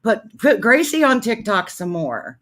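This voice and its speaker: A woman's voice: on the high side, huge pitch swings, a little slow, fairly bright tone. A woman hosting a casual interview over a video call, talking in an effusive way and laughing easily. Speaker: interview host.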